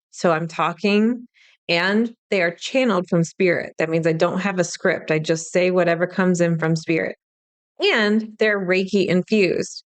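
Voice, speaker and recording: A woman hosting a solo spiritual podcast, talking straight to the listener in a chatty, reassuring way. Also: medium pitch. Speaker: podcast host, spiritual teacher. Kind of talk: casual solo podcast talk.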